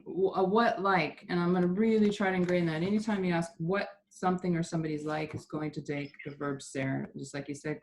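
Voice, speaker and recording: Low-voiced woman teacher, patient, explains grammar step by step; faint noise behind. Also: darkish tone. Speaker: Spanish teacher. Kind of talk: online Spanish class.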